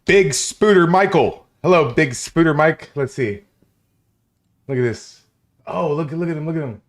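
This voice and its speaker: A man hosting a live stream, excitable and profane, talking over himself as he scrambles to find and play a clip. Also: on the high side, moderate pace. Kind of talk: casual live stream chat.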